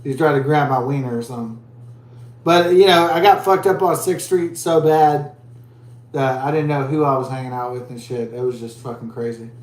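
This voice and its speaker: A man's voice: medium pitch, normal speed, echoey room. A man vlogging as he drinks a beer, telling a rambling story in crude, profane, rambling talk.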